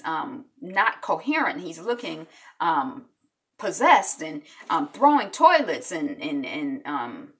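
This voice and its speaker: A woman hosts her own recap channel and talks through a TV episode in a casual monologue. She slips into quoted lines from the show as she goes, and her pitch swings widely. She sits a little back from the microphone. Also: vocal fry, pushed and bright, far from the mic.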